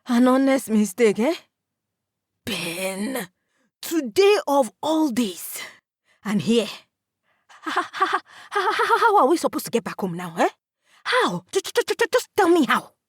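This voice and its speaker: A woman's voice: on the high side, animated, fairly quick, pauses often, breathy edge, no room sound, clean studio sound, pitched above the performer's own voice. A woman voicing an angry, hot-tempered young man, a big brother who scolds and stutters when upset. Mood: furious.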